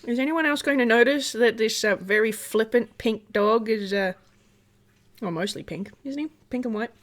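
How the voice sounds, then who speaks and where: A woman's voice: on the high side, moderate pace. A woman narrating a tabletop game as game master, chatty and giggly with many fillers.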